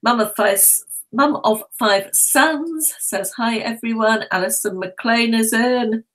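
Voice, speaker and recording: A woman's voice: fairly high pitch, takes it slowly, a bit bright, poor audio. A woman co-hosting a live stream from home, friendly, reading out viewers' names in casual chat.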